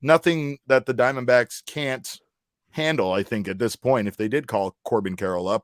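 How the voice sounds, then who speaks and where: A man's voice: lowish voice, dry recording, clean studio sound. A man hosting a casual sports podcast, upbeat and playful, hyping up his co-host.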